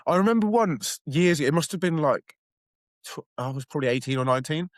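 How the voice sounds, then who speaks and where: A man's voice: a little high, fast talker, no echo, studio quality. A young man, telling stories and chuckling as a podcast co-host. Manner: lively storytelling, chuckling. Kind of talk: casual chat.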